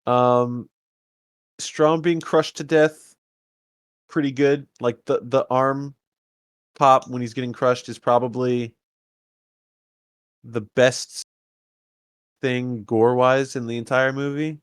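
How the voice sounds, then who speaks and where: A man's voice: mid-range voice, little pitch movement, slow, long pauses, smooth, dry recording, clean studio sound. A man co-hosting a casual podcast, recapping a horror film with wry, opinionated comments. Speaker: podcast co-host. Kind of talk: casual movie-review chat.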